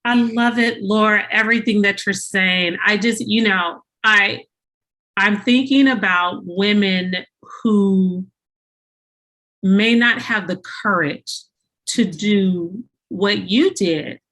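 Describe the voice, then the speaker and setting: A woman's voice: mid-range voice, slow, fairly bright tone, low-quality recording. A woman interviewing a guest, asking questions and responding with supportive, affirming murmurs.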